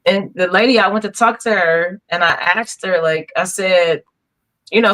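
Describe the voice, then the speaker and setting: A young woman, a podcast guest, telling animated stories in casual chat and laughing as she goes. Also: on the low side, brisk, poor audio. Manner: animated storyteller, laughs through her stories.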